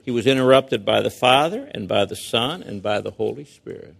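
A man's voice: mid-range voice, animated, a little fast, creaky, breathy edge. A man preaching a sermon, reading verses and explaining them with emphatic rhetorical questions. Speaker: pastor. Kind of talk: expository sermon.

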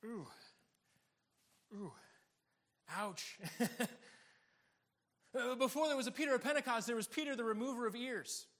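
A man's voice: very high-pitched, fairly quick, pauses often. A man preaching a sermon, laughing often and acting out the people in the story. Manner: animated, laughing often, acting out quoted voices. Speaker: pastor.

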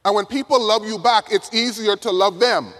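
High-voiced man preaching in a reverberant hall. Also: moderate pace. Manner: emphatic, swings from loud to hushed. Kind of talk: sermon.

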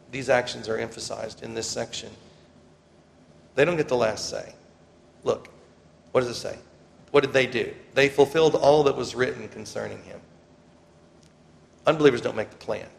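A man preaching a sermon as pastor, swelling loudly when he quotes scripture and dropping low between points. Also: creaky. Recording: reverberant hall, faint ambient noise.

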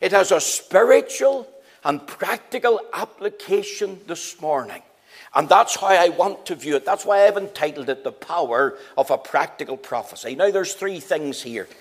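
A man preaching a sermon, repeating phrases for emphasis and swinging between loud rising calls and quiet low asides. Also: lively intonation, normal speed.

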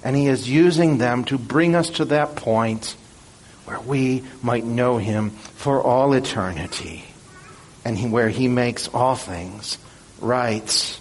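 A man preaching a sermon in an earnest, measured and emphatic way. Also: medium pitch, slight background noise.

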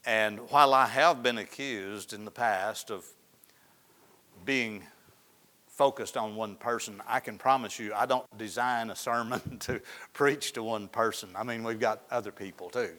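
Bright-toned guy preaching, folksy, tells stories, goes quiet and soft a lot. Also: lowish voice, steady tone, measured pace. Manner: folksy storytelling, drops to soft hushed tones. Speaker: pastor. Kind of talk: sermon.

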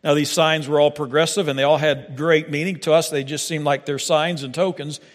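An older man preaches with a slightly high voice, acting out scripture and breaking into stammering asides. His words ring out with a long echo, as if spoken in a large hall. The delivery is animated and dramatic. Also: fairly quick. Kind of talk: sermon.

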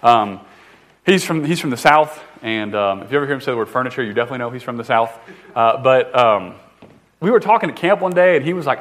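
A man's voice: medium pitch, expressive, fast, a bit bright. A man in his thirties from the northern US, a pastor preaching a conversational, jokey sermon with frequent restarts. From northern United States.

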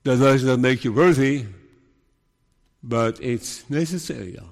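A man delivers a sermon at an unhurried, deliberate pace, with earnest emphasis. He sometimes slips into the anxious voice of a doubting believer. His voice rings with the long reverb of a large hall. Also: medium pitch, gravelly. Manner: slow, earnest, acts out worried believers' voices. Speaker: preacher.

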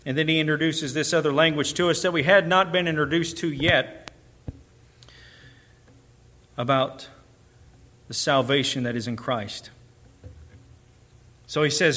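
A man's voice: a little high, a little slow, pauses often, bright, forceful tone. A man preaching a sermon, explaining the text and building with emphatic repeated phrases. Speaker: pastor.

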